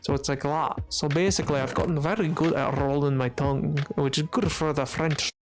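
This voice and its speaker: A man streaming a game who chats quietly with his viewers, joking along in a playful put-on Scottish-Irish accent. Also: on the high side, steady tone, fairly quick, soft background music. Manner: talking quietly, resting his voice. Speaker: Minecraft streamer. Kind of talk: casual livestream chat while gaming.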